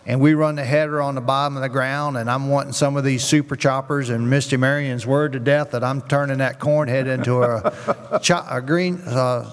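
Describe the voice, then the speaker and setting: Man, panel guest, rambling, self-correcting, mid-pitched, long hall reverb. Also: fairly even intonation, moderate pace. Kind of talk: conference panel discussion. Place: conference session hall.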